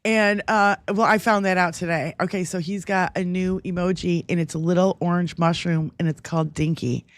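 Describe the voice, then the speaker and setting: A woman's voice: on the low side, fairly even intonation, normal speed, hardly any pauses, no room sound. Laughing, mocking woman co-host. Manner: laughs often, mocking, chatty storytelling. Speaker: livestream co-host. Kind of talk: casual political chat.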